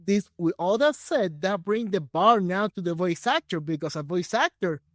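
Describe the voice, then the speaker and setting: Host, man, halting and restarting, lively pitch swings, dry close sound. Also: no room sound. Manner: halting, restarts, searches for words. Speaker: podcast host. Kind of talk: interview questions.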